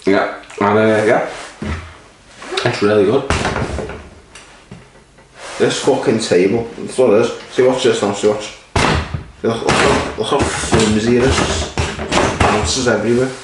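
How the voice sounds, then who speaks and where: Rambling man with a deep voice in an echoey room. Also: steady tone, measured pace, pauses often, very noisy. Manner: rambling, swears casually. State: sleepy. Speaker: beer reviewer. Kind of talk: casual rambling review. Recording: roomy echo, mic at a distance.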